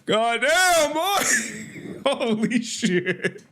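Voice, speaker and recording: A man's voice: extremely high pitch, big pitch swings, drawn-out words, creaky, sharp tone. A man hosting a casual livestream, laughing often, joking and swearing as he talks. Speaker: streamer host.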